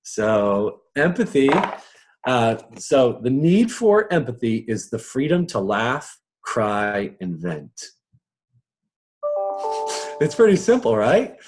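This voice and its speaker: A man coaching on personal strengths in a casual live talk to an audience. He chuckles often and slips into quick voices as he talks. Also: medium pitch, very animated, noisy background.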